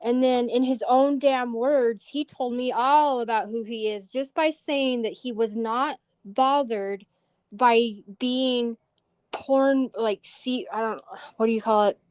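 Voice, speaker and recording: A woman speaks emphatically on a livestream, her voice pitched a little high. The sound is dry and close to the mic. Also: fairly even intonation, slow pace, darkish tone, dry recording. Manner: disgusted, emphatic. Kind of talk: casual chat.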